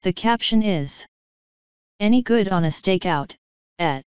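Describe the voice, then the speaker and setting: A woman's voice: mid-range voice, expressive, measured pace, a little mellow, clear, resonant tone, no room sound, muffled recording, natural voice. A woman reading an audiobook, voicing a formal, unflappable male butler who politely says sir. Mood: deadpan. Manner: deferential, ends lines with sir.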